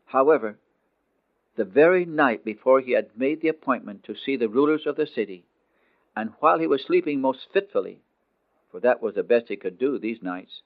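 Man reading a dramatic story aloud. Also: mid-range voice. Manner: expressive, slowing on emotional phrases. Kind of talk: dramatic scripted narration. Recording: tinny phone-like dry recording.

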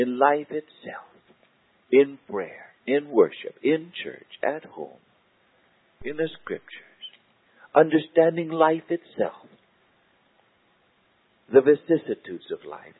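Male preacher, slow and husky, prayerful and repetitive; thin, phone-like lo-fi recording. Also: fairly low pitch, animated, dry recording. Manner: prayerful, repeating phrases, often dropping to a hushed voice. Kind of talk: sermon and spoken prayer. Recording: tinny, narrow-band lo-fi recording.

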